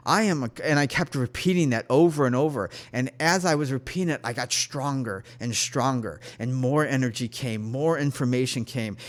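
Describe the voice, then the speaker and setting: A man's voice: medium pitch, normal speed, hardly any pauses. A man who works as a spirit guide, earnestly and emotionally telling a personal spiritual experience to his channel, often restarting his sentences. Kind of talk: personal spiritual storytelling to camera.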